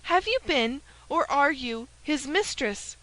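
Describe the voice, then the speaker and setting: A woman's voice: high-pitched, lively intonation, slow pace, fairly bright tone, pitched above the performer's own voice, full character voice, poor audio. A woman voicing a timid, earnest young novice who speaks in an eager, pleading way. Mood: insistent.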